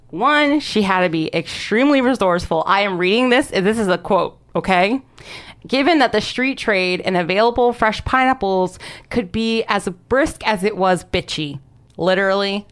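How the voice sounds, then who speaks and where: A young woman casually telling a story on a podcast, animated, swearing and laughing often. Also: mid-range voice. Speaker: podcast host presenting research. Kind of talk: casual chat.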